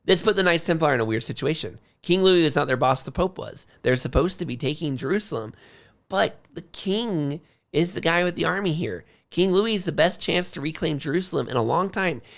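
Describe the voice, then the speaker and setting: Gravelly-voiced man telling history casually. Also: a little high, brisk. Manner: conversational, acts out quotes in a lively way. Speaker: podcast co-host. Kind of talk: casual storytelling about history.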